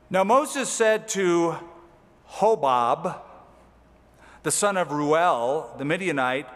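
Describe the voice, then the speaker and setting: A pastor delivers an expository sermon, going verse by verse: he reads scripture aloud, then explains it with casual, conversational asides. His voice sits on the high side with a fairly bright tone, and the hall around him carries a long reverb.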